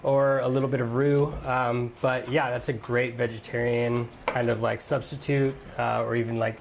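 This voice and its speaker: A man's voice: mid-range voice, level tone, normal speed, vocal fry, background noise. A man helping in the kitchen, casually adding cooking tips during a live cook-along. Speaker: assistant cook.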